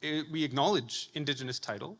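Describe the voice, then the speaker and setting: A man's voice: on the high side, fast, a bit bright. A man in the audience asking an earnest, slightly hesitant question at a public forum. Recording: reverberant conference hall.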